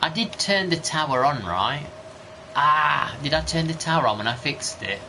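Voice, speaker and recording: A man's voice: on the high side, animated, moderate pace, bright, forceful tone, rough recording. A man, rambling chattily through gameplay commentary with casual mild swearing. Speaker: gaming streamer. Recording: background noise.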